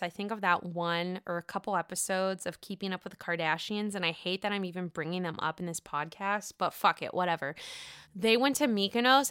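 A woman's voice: medium pitch, pushed and bright, smooth, dry recording, clean studio sound. A young woman hosting a casual podcast, recapping a reality show in a chatty, gossipy way and swearing freely. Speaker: podcast host.

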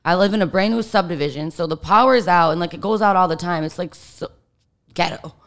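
Young woman guest, smooth clear voice, swears a lot and says like every other word, super candid. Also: fairly low pitch, fast, fairly bright tone. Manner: candid, profane, heavy use of filler "like". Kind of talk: casual storytelling.

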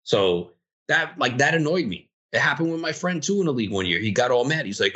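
A man's voice: mid-range voice, expressive, a little fast, fairly bright tone. A young man co-hosting a casual podcast chat, ranting heatedly as a league commissioner.

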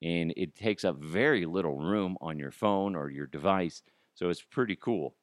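A man's voice: deep voice, moderate pace, no room sound, clean studio sound. A man hosting his solo podcast, ranting profanely and laughing at his own jokes. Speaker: podcast host.

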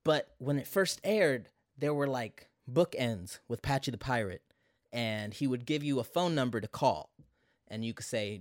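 A man's voice: mid-range voice, lively intonation, unhurried, no echo, studio quality. A young adult man talking casually and nostalgically to camera, full of asides. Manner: conversational, many fillers and asides. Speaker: vlogger.

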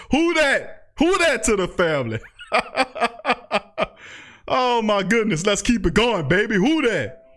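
New guy hosting a live sports stream, high voice, all fired up and trash talking. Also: sing-song, normal speed. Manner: loud, hyped, trash-talking, reads out chat. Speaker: podcast host. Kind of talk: fired-up livestream sports talk.

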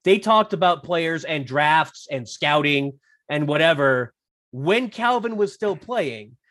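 Wry, slightly high-voiced male podcast guest. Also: animated, fairly bright tone. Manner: wry, teasing, quick to joke. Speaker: podcast guest, sports writer. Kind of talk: casual sports podcast chat.

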